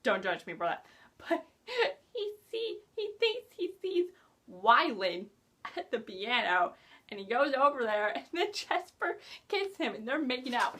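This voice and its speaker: A young woman reviewing a book in a casual vlog, gushing and excitable, often breaking into giggles. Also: a little high, a little slow, a little hiss or hum.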